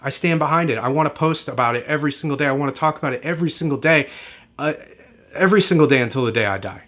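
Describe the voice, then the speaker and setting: A man's voice: a little high, racing, a bit bright. A man giving a direct-to-camera marketing lesson, emphatic and repetitive in a motivational way. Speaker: marketing coach.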